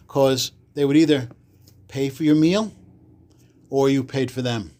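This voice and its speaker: A man's voice: mid-range voice, steady tone, unhurried, long pauses, a little mellow. A man from the Bronx, a podcast guest telling rambling stories and acting out the people he quotes. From the Bronx, New York. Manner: rambling, acts out quoted people in livelier voices. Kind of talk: casual storytelling interview.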